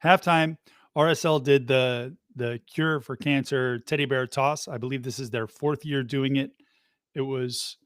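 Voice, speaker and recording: A man co-hosting a live podcast, relaxed and chatty, giving shout-outs. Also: mid-range voice, no room sound, studio quality. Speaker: podcast co-host. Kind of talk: casual live podcast talk.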